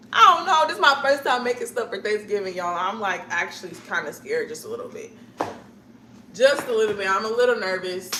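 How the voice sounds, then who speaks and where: A woman's voice: medium pitch, fairly bright tone, echoey room, a little hiss or hum, poor audio. A young woman chatting casually with her live viewers, rambling from one thought to the next and laughing often.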